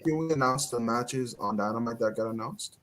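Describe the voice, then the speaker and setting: A man co-hosting a casual chat, throwing in sarcastic deadpan jabs. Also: mid-range voice, brisk. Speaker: podcast co-host. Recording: loud noise behind.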